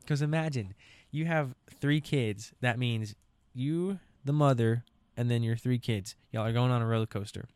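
A young man with a drawl rambles through a solo podcast, joking and saying "dude" often. His voice is smooth and clear at a middle pitch. The sound is dry and close, with no room echo. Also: moderate pace, darkish tone. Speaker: podcast host. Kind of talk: solo casual podcast chat. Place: camper.

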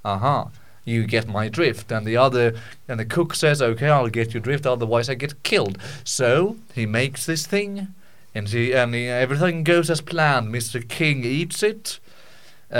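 A man hosting a podcast, ranting casually in a jokey, mock-indignant way, rambling with many restarts and stammered repeats. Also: mid-range voice. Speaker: podcast host. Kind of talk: casual comic rant.

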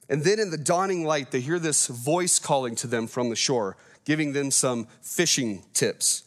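A man in his thirties preaching a sermon in a conversational, playful way, telling the story with animation. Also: on the high side. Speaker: pastor.

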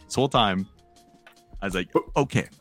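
Man podcast host, very low pitch with a bright edge, rambling casual chat. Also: a little fast, faint music behind. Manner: rambling, lots of fillers and restarts.

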